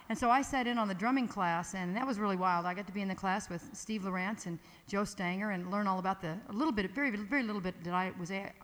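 A woman's voice: medium pitch, a bit bright. A woman, chatting casually as emcee of a live music event, rambling and playful as she introduces a band. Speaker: emcee at a music camp evening dance. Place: large hall with audience. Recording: echoey hall with ambient noise.

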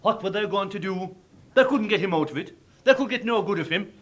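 A man with an Irish accent telling a traditional folk tale in a lively, dramatic way. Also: high voice, a little fast. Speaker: storyteller.

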